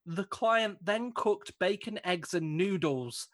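A man's voice: sits high, a little slow, few pauses, a bit bright. A male podcast co-host reading out a news story in casual chat, amused and laughing between lines.

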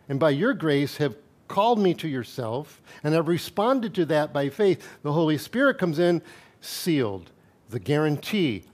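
A man's voice: on the high side, a little mellow. A male pastor preaching a sermon in a conversational way, reading scripture aloud with asides and light chuckles.

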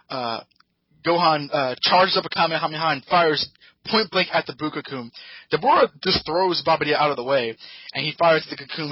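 Speaking into a podcast microphone, a man with a slightly high, husky voice gives a loose recap of an episode. He wanders and hesitates through the story, doing put-on voices for each character, and the dry recording sounds dull.

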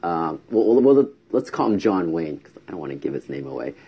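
A man's voice: deep voice, very animated, brisk, mellow, breathy edge. A man telling a casual story to camera, chatty, acting out quoted lines in a raised voice. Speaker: vlogger.

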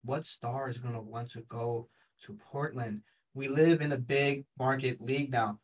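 A man's voice: medium pitch, fairly even intonation, unhurried, distant mic, rough recording. A man co-hosting a casual sports talk, making emphatic, insistent points.

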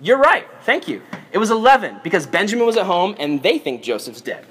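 High-voiced, animated male preacher. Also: brisk, slight background noise. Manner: animated, playful, jokey. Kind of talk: lively Bible storytelling.

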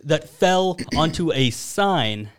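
A young man casually telling a long story in an animated, giggly way with lots of fillers. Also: a little high, slow. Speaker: podcast co-host.

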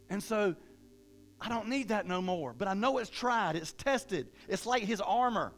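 High-voiced man preaching a sermon. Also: lively intonation, a little slow, a little hiss or hum. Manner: conversational preaching, rising and louder when emphatic, with repetitions and restarts.

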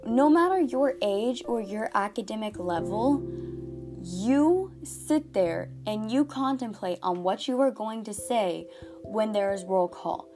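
A woman's voice: mid-range voice, measured pace, music in the background. A teenage girl hosting a podcast, talking in a chatty, exaggerated comedic monologue full of "like". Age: teens. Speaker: podcast host.

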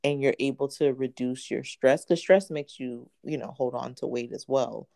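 A woman's voice: extremely low pitch, fairly even intonation, moderate pace, vocal fry, mellow. A woman in casual conversation, talking animatedly with lots of "like" and frequent laughter. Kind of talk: casual chat.

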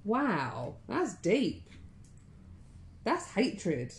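A woman's voice: medium pitch, huge pitch swings, very slow. A woman, co-hosting a podcast in casual chat. She is chatty, laughs often and swears freely. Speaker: podcast co-host. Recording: echoey room.

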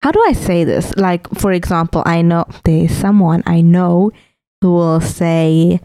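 Low-voiced woman co-hosting a podcast. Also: unhurried, dry recording. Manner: expressive, laughing, rises high when exasperated. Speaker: podcast co-host. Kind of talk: casual chat.

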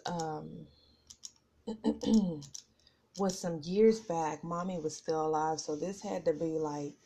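A woman's voice: on the low side, warm tone. A middle-aged woman, hosting a casual podcast, nervous and out of breath, rambling with many fillers. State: out of breath from nerves. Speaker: podcast host. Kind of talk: casual personal chat. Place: home office at a computer.

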